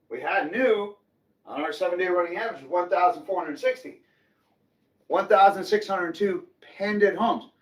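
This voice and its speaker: A middle-aged man talks straight to camera about the housing market in a chatty, opinionated way. His voice sits fairly high, and he keeps it lively by acting out little quoted exchanges. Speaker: real estate agent hosting a market update. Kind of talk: casual market commentary to camera.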